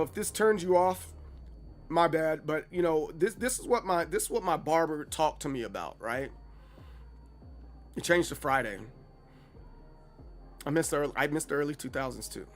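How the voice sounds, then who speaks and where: Man, 30s, casual livestream chat, playfully dramatic, lively pitch, faint music behind. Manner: chatty, animated, playfully dramatic. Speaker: streamer.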